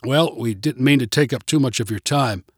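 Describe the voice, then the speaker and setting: A man's voice: mid-range voice, normal speed, slightly rough, dry recording, clean studio sound, lightly acted. A man voicing a friendly, chatty middle-aged male neighbor in a storybook reading. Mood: polite.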